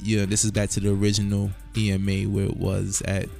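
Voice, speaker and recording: Male podcast host, quick rambling delivery, gravelly voice, faint music behind. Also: fairly low pitch, completely flat delivery, warm tone. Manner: rambling, keeps saying "you know what I'm saying". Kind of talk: casual banter.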